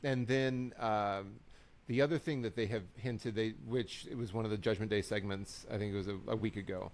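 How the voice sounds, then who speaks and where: A man's voice: lowish voice, steady tone, normal speed, a little mellow. A man co-hosting a wrestling recap podcast, chatting casually and acting out quotes in little voices. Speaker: podcast co-host.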